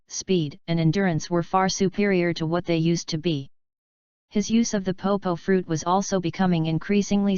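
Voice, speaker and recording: A woman reading a fanfiction audiobook aloud in a steady, even narration. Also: on the low side, clean tone, no echo, lo-fi sound. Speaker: audiobook reader. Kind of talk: scripted narration.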